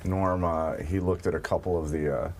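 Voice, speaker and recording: A man's voice: deep voice, steady tone, moderate pace, a little mellow, a little hiss or hum. A man co-hosting a casual talk show, making dry, sarcastic asides. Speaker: co-host and sidekick. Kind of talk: casual chat.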